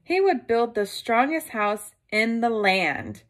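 A woman reading a picture book aloud to children, gently stopping to ask her listeners questions. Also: on the high side, animated, slow.

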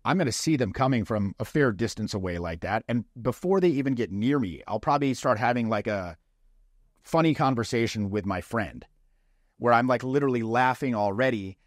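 A man's voice: medium pitch, animated, no room sound. Guy giving dating advice, blunt and sweary, dry close sound, acts out little lines. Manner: blunt and profane, acts out quick mock lines. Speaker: dating coach. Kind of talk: casual coaching talk.

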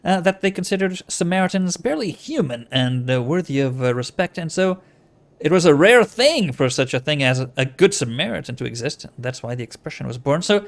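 A man's voice: a little high, expressive, fairly quick, creaky. Wry, digressive man commenting on a game. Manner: wry, digressive, hesitant with fillers. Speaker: let's-play host. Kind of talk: playing and reading a game aloud, commentary.

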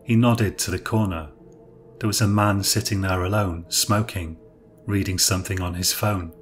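A man narrating a dark thriller story in a measured, even reading voice. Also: low-pitched, faint music behind.

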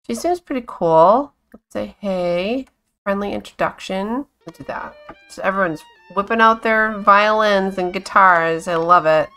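Woman, bright tone, casual game commentary, chatty, giggly, talks to her characters. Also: mid-range voice, a little slow, faint music behind. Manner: giggly, exclaims often. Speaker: gameplay streamer.

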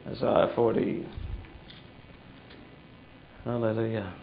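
A man's voice: lowish voice, flat delivery, slow pace, gravelly, narrow, tinny audio, slight background noise. A man preaching a sermon as pastor in a church hall, fervent and full of prayerful interjections like hallelujah.

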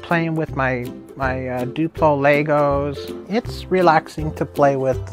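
A man in his thirties talks earnestly and proudly in a documentary clip. His voice sits a little high, and clear background music plays under him. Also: fairly even intonation, takes it slowly. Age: 30s. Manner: earnest, matter-of-fact, proud. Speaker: documentary interviewee. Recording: clip played with music behind.

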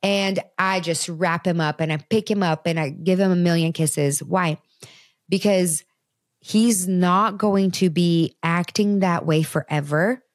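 A woman's voice: fairly low pitch, no echo, studio quality. A woman in her thirties hosting a parenting talk show, speaking earnestly and conversationally straight to her listeners. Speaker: podcast host.

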